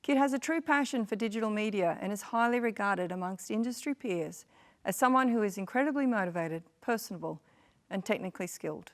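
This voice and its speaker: A woman reads a formal introduction of the next speaker at a ceremony. Her delivery is measured and composed. Her pitch is moderate, neither high nor low. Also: lively intonation. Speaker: ceremony presenter.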